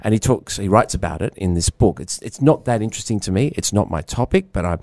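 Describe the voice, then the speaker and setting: A man's voice: lowish voice, lively intonation, fast, gravelly, a little mellow, dry recording, clean studio sound. A middle-aged man co-hosting a casual arts podcast, wry and musing as he talks through a book. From Australia. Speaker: podcast co-host.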